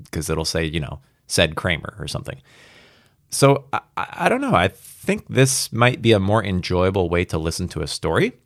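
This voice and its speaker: A man's voice: low voice, no echo, clean studio sound. A man reading a science fiction story aloud and then chatting casually about it, with fillers and laughs. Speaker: audiobook reader. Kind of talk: story narration and casual commentary.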